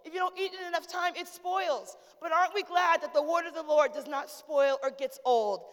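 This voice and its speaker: A woman in her forties preaches from the pulpit in a high, lively voice, trading call-outs with her congregation. Her sermon has a relaxed, storytelling feel. The sound carries the long reverb of a church hall. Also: moderate pace. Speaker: pastor. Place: church sanctuary.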